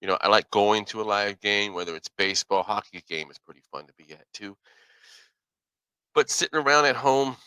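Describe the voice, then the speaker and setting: A man's voice: fairly low pitch, a little fast, bright, forceful tone, smooth, dry recording, rough recording. A middle-aged man hosting his own podcast, talking casually in a folksy, rambling way and often correcting himself. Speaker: podcast host. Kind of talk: casual solo commentary.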